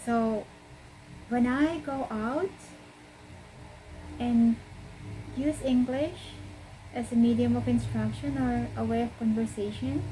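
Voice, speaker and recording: Filipino female English teacher, higher voice, slow explainer. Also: fairly even intonation, warm tone, slight background noise, rough recording. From Philippines. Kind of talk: casual video lesson.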